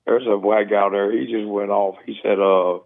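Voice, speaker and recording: A man with a Southern accent calling in, mumbling and talking fast in casual chat. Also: lowish voice, flat delivery, gravelly. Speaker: caller. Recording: tinny phone line.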